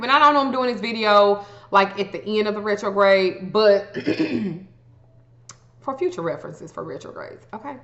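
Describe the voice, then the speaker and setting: This astrology vlogger, a woman with a mid-range, pushed, bright voice, gives astrology advice as a blunt, profane, casual rant. The recording sounds dull and lo-fi, in an echoey room.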